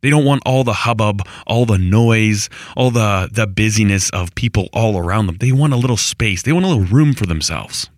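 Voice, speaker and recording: Man, middle-aged, very low voice, dry close sound, rambling casual vlog talk. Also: lively intonation, normal speed, few pauses, no echo. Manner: rambling, conversational, with restarts and exasperated asides. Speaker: vlogger on rural homestead life. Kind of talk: casual monologue.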